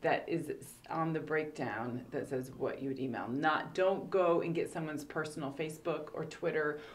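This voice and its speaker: A middle-aged woman with a low voice speaks as a casting director. She talks in an animated, casual way and often laughs. She acts out the actors she quotes. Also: normal speed. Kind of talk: casual advice chat.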